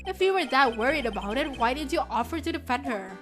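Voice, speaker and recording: An earnest young defense lawyer pressing a witness, with a dry edge to his questions, as a woman reads him out. The voice is fairly high and lively in pitch, over steady game music. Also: fast. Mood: probing.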